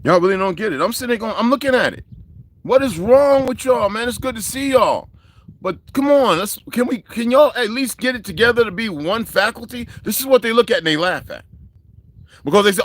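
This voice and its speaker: A man's voice: sits high, animated, fairly quick, a bit bright. A man hosting a casual livestream, ranting at his viewers in a profane, confrontational way. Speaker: livestream host.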